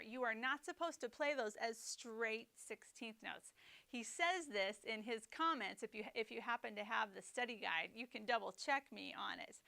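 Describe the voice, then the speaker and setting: A woman teaching a snare drum etude, explaining rhythm and phrasing in a clear, methodical way. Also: on the high side, sharp tone. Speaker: percussion teacher. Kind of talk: instructional lesson.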